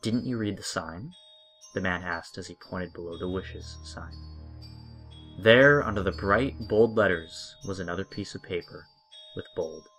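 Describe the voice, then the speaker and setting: A man narrating a dark short story in a steady storytelling manner. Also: low-pitched, unhurried, faint music behind. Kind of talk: scripted horror story narration.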